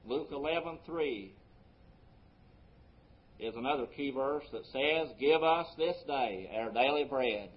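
A man pastor preaching a sermon, his voice swelling on key words and dropping low between them. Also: slow pace, pauses often, dull audio. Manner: preaching with sweeping rises and drops in loudness.

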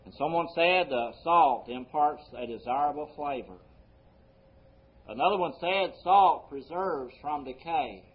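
A man's voice: a little high, lively intonation. Man preaching a sermon, dull lo-fi recording. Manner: preaching with sudden loud emphasis and slowed-down quotes. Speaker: pastor.

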